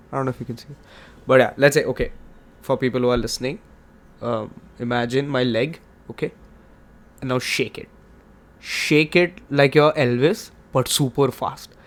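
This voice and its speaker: A man in his twenties with an Indian accent, hosting his podcast in a hyped, rambling, joking way. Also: medium pitch. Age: 20s. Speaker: podcast host. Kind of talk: casual solo podcast chat.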